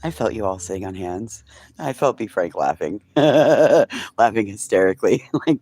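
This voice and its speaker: A man's voice: sits low, big pitch swings, moderate pace, creaky, darkish tone, dry recording. A man hosting a casual morning livestream chat. He talks sarcastically, swears, and drops into whispered asides. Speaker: livestream host.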